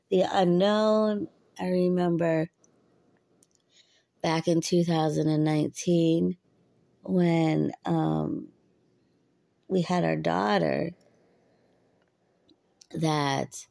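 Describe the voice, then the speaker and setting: A woman's voice: on the low side, vocal fry, mellow, no room sound, clean studio sound. A woman in her thirties talking earnestly and chattily about faith and waiting, often laughing. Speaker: podcaster. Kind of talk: personal faith talk.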